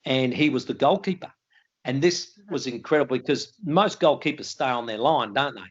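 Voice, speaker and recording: A man's voice: medium pitch, normal speed, dull audio. An older Australian man, a retired footballer, telling colloquial stories in a casual interview and laughing at his own tales.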